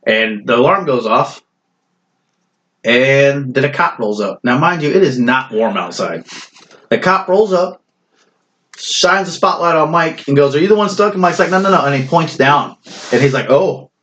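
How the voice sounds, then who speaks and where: A man's voice: medium pitch, lively intonation, a little slow, pauses often, a bit bright, lo-fi sound. A man, a guest on a podcast, telling a funny story in casual chat, laughing and swearing as he goes. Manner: laughing, swearing, tells stories with voices for other people.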